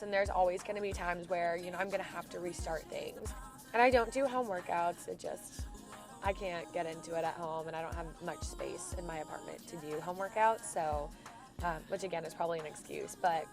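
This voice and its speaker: A woman in her twenties from Florida with a stuffy nose from a cold, talking through a reflective, rambling weekly diary check-in for her vlog. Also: on the low side. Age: 20s. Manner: reflective, rambling, soft-spoken. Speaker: vlogger.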